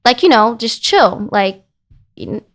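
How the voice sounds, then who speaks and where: A woman's voice: a little high, very animated, slow, fairly bright tone, full character voice. Woman quoting a nonchalant, hesitant husband. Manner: hesitant, mumbling filler words.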